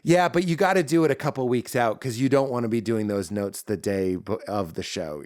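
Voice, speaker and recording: Animated man telling a long story. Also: medium pitch, brisk. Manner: animated, acts out bits in character voices. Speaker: guest comedian. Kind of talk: podcast interview chat.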